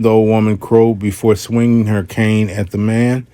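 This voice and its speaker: A man with a mellow, dark-toned voice talks over a viral clip and then reads a news story aloud, adding his own remarks. His delivery is relaxed and conversational. The sound is dry and close, with little room behind it. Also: lowish voice, moderate pace, no echo. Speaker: commentary host. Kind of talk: reaction commentary and reading a news story.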